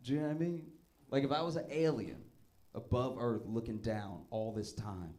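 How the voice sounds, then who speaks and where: A man performing a stand-up comedy set on a club stage, telling stories and pushing his voice loud and high for the punchlines, with the audience laughing. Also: normal speed.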